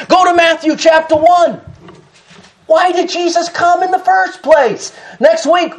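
A pastor preaching an impassioned sermon to his church, shouting at some points and laughing between phrases. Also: extremely high pitch, rough recording.

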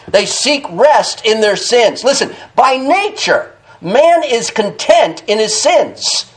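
Man, high voice, preaching a sermon, emphatic, repetitive, calls for amens. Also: very animated, slow pace. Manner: emphatic, repeats key phrases, calls out "Amen?"; laughs between points.

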